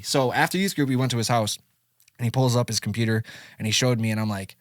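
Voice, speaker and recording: A fast-talking man in his thirties from Syracuse, New York, guests on a casual podcast as a music producer and engineer, recounting his story. He's an animated storyteller who acts out old conversations with big pitch jumps. The recording is dry, with clean studio sound.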